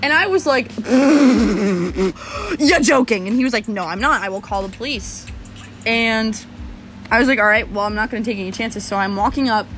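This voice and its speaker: A young woman telling a story in casual chat, animated and swearing as she talks. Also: on the high side, moderate pace, faint music behind. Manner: animated, swearing, laughing often.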